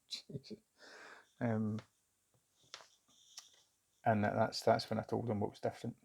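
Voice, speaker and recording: A middle-aged man telling a personal story in a candid, halting, reflective way. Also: lowish voice, monotone, creaky, a little mellow. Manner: candid, halting, self-searching. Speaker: vlogger recounting a job interview.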